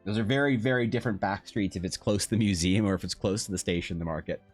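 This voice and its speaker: Man, young adult, low voice, rambling casual stream talk, faint music behind. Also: quick pace. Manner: rambling anecdotes, frequent restarts and swearing. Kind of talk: casual chat while drawing on stream.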